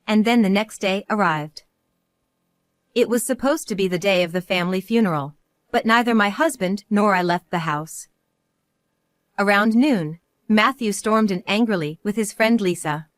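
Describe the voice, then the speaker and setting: A middle-aged woman narrating a scripted first-person story at a mid pitch, calm and resolute. Her delivery is measured and the sound is dry and close to the mic. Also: no echo.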